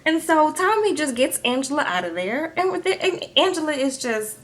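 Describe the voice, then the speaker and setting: A woman's voice: sits high, moderate pace, hardly any pauses. A woman recapping a reality show in a gossipy, chatty vlog, often asking "okay?". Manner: gossipy, animated, addresses viewers with "okay?". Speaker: YouTube reality TV reviewer.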